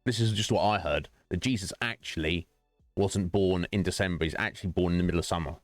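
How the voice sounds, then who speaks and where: A man's voice: low-pitched, fast, dry recording, soft background music. A man streaming and chatting casually with his viewers, rambling, joking and laughing often.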